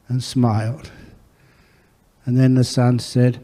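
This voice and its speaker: Monk teacher, man, mellow voice, earnest storyteller, long hall reverb. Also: mid-range voice, little pitch movement, unhurried, long pauses. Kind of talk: dharma talk answering questions. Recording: echoey hall.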